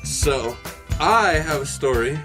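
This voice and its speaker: A man's voice: a little high, expressive, slow, music in the background. A young man co-hosting a podcast, telling funny workplace stories in casual chat and laughing as he acts out what people said. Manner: laughs through his storytelling, acts out quotes. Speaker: podcast co-host.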